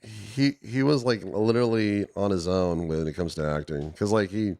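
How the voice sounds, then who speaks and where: A man with a very deep voice chats as a guest. He speaks haltingly, restarting and trailing off, and laughs along often. The sound is dry and close to the mic. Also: a little mellow, no room sound. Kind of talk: casual chat.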